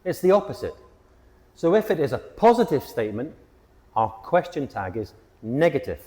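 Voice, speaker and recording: A man teaching an English grammar lesson, with a clear and emphatic delivery. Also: mid-range voice, big pitch swings, normal speed, mellow, in a large hall. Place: hot location.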